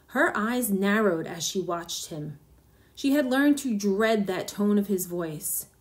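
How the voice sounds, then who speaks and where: Brief: female story reader, mid-pitched, steady measured narration. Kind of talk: storybook reading.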